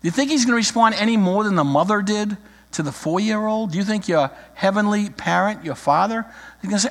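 A middle-aged man preaching a sermon, emphatic and slowing down to read scripture. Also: high-pitched, fairly bright tone. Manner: emphatic, drawn-out scripture reading. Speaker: pastor. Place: church sanctuary. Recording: echoey church hall.

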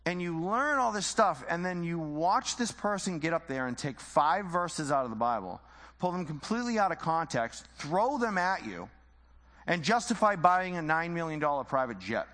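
A man's voice: fairly high pitch, very animated, moderate pace, a bit bright, long reverb tail. A man teaching the Bible informally, conversational and full of rhetorical questions and repeated phrases.

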